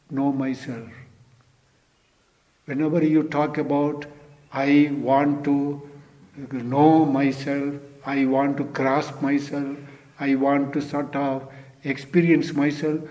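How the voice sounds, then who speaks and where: Teaching a Zen dharma talk, this older Indian man asks his listeners rhetorical questions and keeps returning to key words. His voice is medium in pitch with a darkish tone.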